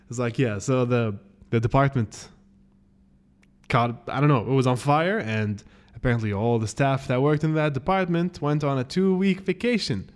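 A man telling a long story on his podcast in an easy, conversational way. He has a mid-range voice and slips into quick impressions of the people he quotes, with his pitch leaping up in disbelief. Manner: animated, acts out quoted people with sudden pitch jumps and laughs. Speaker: podcast host. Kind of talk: casual storytelling.

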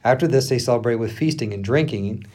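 A male pastor reading scripture aloud on a podcast, acting out the quoted speech and pausing for the odd aside. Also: mid-range voice. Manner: expressive reading, acting out the quotes with laughs between.

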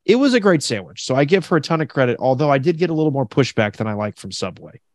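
Podcast co-host, male, animated storyteller who laughs a lot, dry close sound. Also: medium pitch, fast talker, dry recording. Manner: animated, laughs through his stories, acts out the people in them. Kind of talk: casual storytelling chat.

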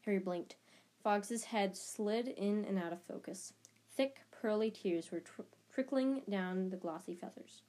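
A woman's voice: medium pitch, a little slow, warm tone, rough recording. A woman reading a novel aloud as an audiobook host, dramatic and often repeating phrases as she goes. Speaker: audiobook reader.

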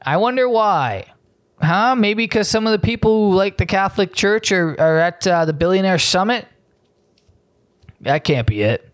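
A man's voice: high-pitched, expressive, normal speed, dry recording, studio quality. A young man hosting a solo comedy podcast, ranting in a sarcastic, profane, rambling way.

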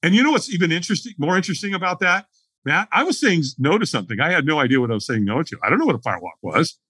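A middle-aged man telling his story as a podcast guest, animated and acting out the dialogue as he goes. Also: on the high side, racing, husky, no room sound.

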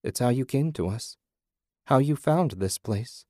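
A man voicing a calm, disembodied otherworldly voice that soothes and teases in a close, dry storybook reading. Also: mid-range voice, a little slow, no echo, lightly acted. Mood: soothing, knowing. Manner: soothing, teasing, speaks in riddles.

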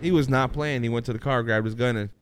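A man co-hosting a podcast who trades quick, joking remarks in crude casual banter. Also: mid-range voice, steady tone, noisy background. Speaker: podcast co-host.

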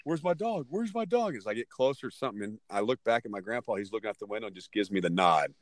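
Blunt, low-voiced middle-aged man. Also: very fast, dry recording. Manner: blunt, animated storyteller, swears freely. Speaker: parent telling a story. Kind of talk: casual podcast chat.

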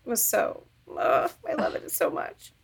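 A young woman co-hosting a podcast in casual chat, talking in an effusive way with trailing phrases. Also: unhurried. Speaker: podcast co-host.

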